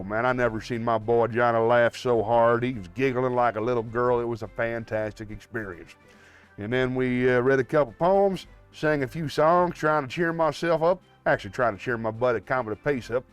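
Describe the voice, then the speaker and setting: A man's voice: mid-range voice, moderate pace, smooth, faint music behind. A man hosting a live stream in a folksy, joking way, chatting casually with his viewers.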